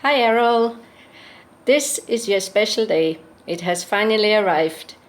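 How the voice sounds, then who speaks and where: A woman's voice: mid-range voice, unhurried. A woman recording her first birthday video, offering plain, kindly wishes. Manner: plain, kindly well-wishing. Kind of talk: casual birthday message. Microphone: phone or webcam.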